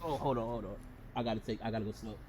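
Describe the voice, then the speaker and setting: A man's voice: fairly low pitch, racing, noisy background. A young man co-hosting a casual podcast, joking and easygoing. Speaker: podcast co-host. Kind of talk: casual chat.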